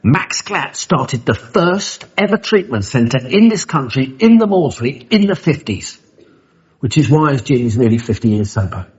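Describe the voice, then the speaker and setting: A man's voice: medium pitch, very animated, measured pace, darkish tone. A man tells a story with a lot of movement in his voice. He is blunt, he swears, and he jokes as he talks. The live recording sounds a little dull and lo-fi. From London, UK. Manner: swearing, blunt and joking, acts out the voices of others. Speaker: recovery meeting speaker. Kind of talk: personal storytelling share. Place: convention hall.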